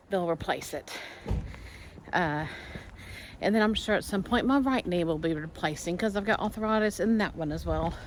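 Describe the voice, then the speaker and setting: A woman's voice: on the low side, a little hiss or hum. A woman in her forties talking candidly in a personal vlog, rambling with many fillers. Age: 40s. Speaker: vlogger.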